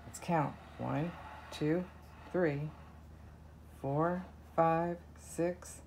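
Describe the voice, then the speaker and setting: A woman reading a children's counting book aloud, counting softly and slowly. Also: low-pitched, steady tone, vocal fry, slight background noise. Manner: slow, soft counting. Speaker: narrator.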